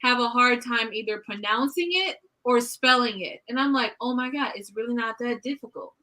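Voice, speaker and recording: A young woman in casual chat, telling lively stories and acting out the dialogue. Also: fairly high pitch, moderate pace, a crowd in the background, low-quality recording. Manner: animated storyteller, acts out dialogue. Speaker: podcast co-host.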